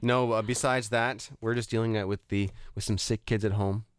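A man's voice: fairly low pitch, steady tone, normal speed, clear, resonant tone, no room sound. A man, hosting a real estate talk show in a chatty way, with many fillers and restarts. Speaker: radio show host. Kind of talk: casual chat.

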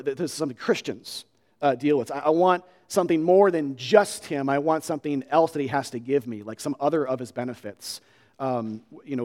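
Male pastor, casual sermon delivery, a bit high-voiced, long hall echo. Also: a little mellow. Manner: conversational, halting with many restarts.

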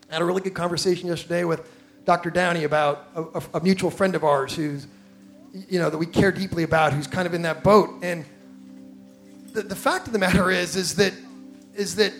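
A man preaching a conversational sermon, self-deprecating and often repeating words as he builds a point. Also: sits high. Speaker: pastor.

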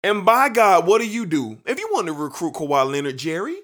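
A man's voice: sits high, very animated, fairly quick, fairly bright tone. A man hosting a sports podcast, ranting emphatically and repeating names for effect, with features. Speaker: podcast host. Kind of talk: animated sports talk rant.

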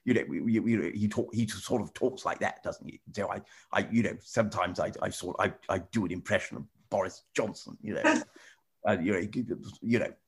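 A man presenter chatting with children in a casual video call, rambling and restarting often, gentle and encouraging. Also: low-pitched, normal speed, slightly rough. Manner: rambling, stop-start, many repeated "you know". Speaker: TV presenter answering children's questions.

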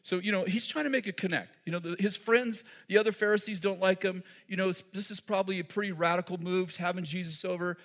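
High-voiced man preaching conversationally. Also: steady tone, fast talker, few pauses, a bit bright. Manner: conversational, asks the audience questions; many fillers and restarts, laughs at his own jokes. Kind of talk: sermon.

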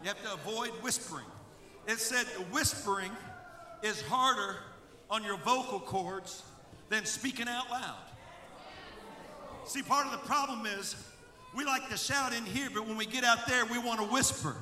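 A pastor preaching a fiery sermon to his congregation, dropping to quiet asides and then building into shouted calls. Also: high-pitched, moderate pace, pauses often. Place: church sanctuary with congregation. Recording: echoey church hall with congregation noise.

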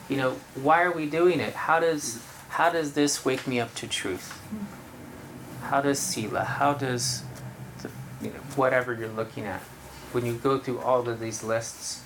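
A meditation teacher giving a relaxed, conversational dharma talk to a group of about thirty people in a room, laughing easily. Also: mid-range voice, slight background noise, low-quality recording.

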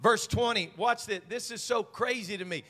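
High-voiced fervent preaching man. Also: moderate pace, big-room sound, soft background music. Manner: fervent, swings from quiet asides to shouted climaxes. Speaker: senior pastor. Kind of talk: preaching a sermon. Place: church sanctuary.

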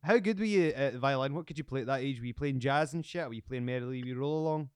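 A man's voice: mid-range voice, clean tone, no room sound. Male podcast host, playful teasing banter, close dry mic. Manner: jokey, teasing, quick asides. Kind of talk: casual chat.

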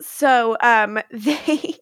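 A woman's voice: on the high side, extremely slow, a bit bright, dry recording, clean studio sound. A woman co-hosting a podcast, casually recapping a TV episode, laughing often and swearing freely.

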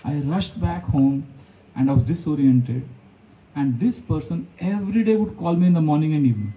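Casting: monk with telling devotional stories, mellow and fairly high voice; dull recording, far from the mic. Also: male voice, normal speed. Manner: storytelling, animated, laughs often, acts out quotes. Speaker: monk giving a talk. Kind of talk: devotional talk with personal anecdotes.

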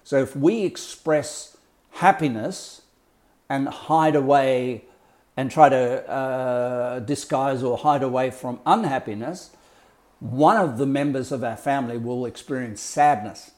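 A man's voice: medium pitch, measured pace, darkish tone. A man talking as a life coach, explaining ideas in a blunt, colourful way with swearing and mimicked sounds. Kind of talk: casual explanatory talk.

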